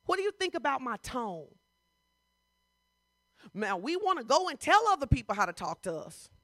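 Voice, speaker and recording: A woman pastor preaching a sermon in a conversational style, full of rhetorical questions and rising to loud, emphatic bursts. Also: sits high, very animated, normal speed, dry recording, clean studio sound.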